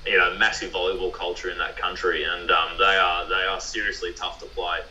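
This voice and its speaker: Speaking fairly quickly in a deep, flat voice that comes across pushed and bright, this Australian professional beach volleyball player rambles through a podcast interview with lots of fillers and restarts. The audio is lo-fi and roomy, with a distant mic and a little hiss or hum.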